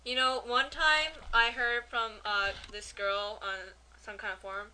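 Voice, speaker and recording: A woman's voice: on the high side, little pitch movement, measured pace, sharp tone, a little hiss or hum, rough recording. A young woman co-hosting an amateur podcast, chatting casually with blunt, offhand remarks. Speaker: podcast co-host.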